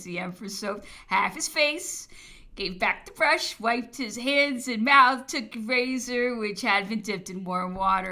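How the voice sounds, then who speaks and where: A woman narrating a historical memoir as an audiobook, in a measured, formal storytelling manner. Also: mid-range voice, sharp tone. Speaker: audiobook reader.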